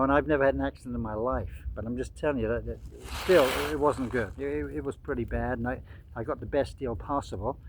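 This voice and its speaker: 60-something guy rambling on his vlog, mid voice, noisy background with cars. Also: medium pitch. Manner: rambling, with frequent fillers and restarts. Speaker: vlogger. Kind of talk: casual rambling commentary.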